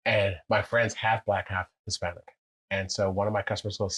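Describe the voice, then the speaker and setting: A low, husky male voice tells stories in a loose, casual chat. He swears freely and jumps into character for quoted lines. The delivery is animated and conversational. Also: normal speed, poor audio. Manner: animated, profane, acts out quotes with big pitch jumps.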